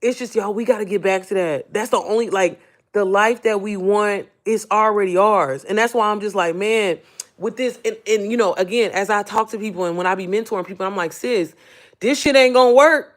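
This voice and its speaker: Animated, swearing motivational woman. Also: medium pitch, brisk. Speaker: online business coach. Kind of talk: casual livestream talk.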